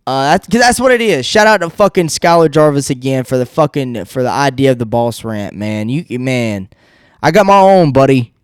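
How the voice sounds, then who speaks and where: A man's voice: medium pitch, lively intonation, moderate pace, smooth, dry recording, clean studio sound. A man hosting his own podcast, talking alone in a loose, rambling and heavily profane rant while seated. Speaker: podcast host. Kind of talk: casual solo podcast rant. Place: seated indoors without a backrest.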